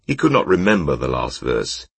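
A man narrating a fantasy story in a measured, unhurried way. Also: very deep voice, big pitch swings, vocal fry, slightly rough, no room sound. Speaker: audiobook narrator.

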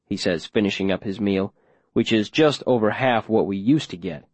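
A man's voice: on the low side, normal speed, dry recording. A man narrating an audiobook in the first person, with plain, tense storytelling.

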